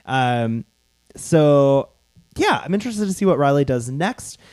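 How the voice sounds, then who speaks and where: A man's voice: medium pitch, lively intonation, a little slow, darkish tone, no echo, studio quality. A man hosting a podcast, chatting casually and playfully while reviewing. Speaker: podcast host.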